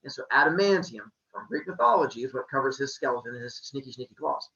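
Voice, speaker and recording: A man, a teacher, telling a myth to his class in a joking, lively way. His voice is bright and animated. The sound is roomy and distant, a bit dull. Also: mid-range voice, fast talker, creaky. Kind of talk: casual storytelling to a class.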